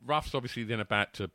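A man's voice: medium pitch, dry recording, studio quality. A man telling a rowdy anecdote in casual chat, laughing and acting out the voices. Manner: animated, laughing, acts out voices.

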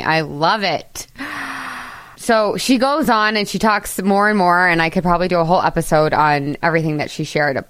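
A woman's voice: lowish voice, fairly bright tone, dry recording. A middle-aged woman hosting a motivational podcast, talking in an enthusiastic, chatty way and laughing at her own jokes. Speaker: podcast host.

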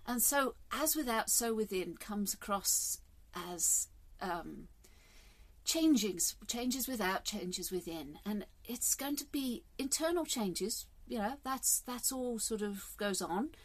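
A woman's voice: mid-range voice, lively intonation, slow. A woman, talking candidly and rambling a little in a casual vlog monologue, with the odd swear word for emphasis. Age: 50s. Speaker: vlogger.

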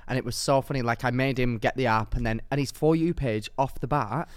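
A young man from England co-hosting a podcast, telling stories in a casual, animated way and mimicking the people in them. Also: medium pitch, brisk, smooth, dry recording, studio quality. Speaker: podcast co-host. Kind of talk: casual chat.

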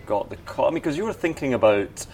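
A man's voice: mid-range voice, sing-song, quick pace, darkish tone, slight background noise. A man hosting an interview who asks questions in a chatty, joking way. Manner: chatty, jokey, laughs along. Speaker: podcast host. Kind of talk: conversational interview.

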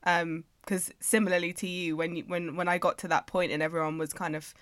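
A woman's voice: lowish voice, little pitch movement, brisk, fairly bright tone, no echo. Thoughtful woman host, dry close sound. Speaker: podcast host. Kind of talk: interview questions, casual chat.

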